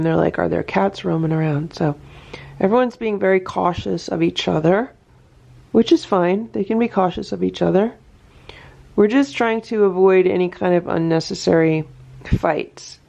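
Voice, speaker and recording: Gravelly-voiced woman chatting about her cats. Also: fairly low pitch, mellow. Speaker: cat rescue vlogger. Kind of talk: casual narration to camera. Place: home indoors.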